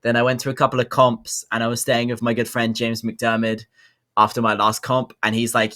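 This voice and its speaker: A man's voice: medium pitch, completely flat delivery, brisk, sharp tone. A young man, co-hosting a podcast in a chatty, upbeat way with lots of fillers. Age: young adult. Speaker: podcast co-host. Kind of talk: casual podcast chat.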